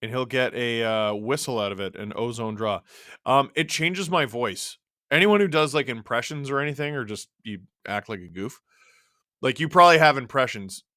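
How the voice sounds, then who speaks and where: A man hosting a live stream, casually calling a hockey game and chatting, his voice worn a little deeper from long talking. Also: moderate pace, bright, forceful tone, no echo, studio quality. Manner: chatty, reacting to the game and chat as it happens. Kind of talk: casual live play-by-play and chat.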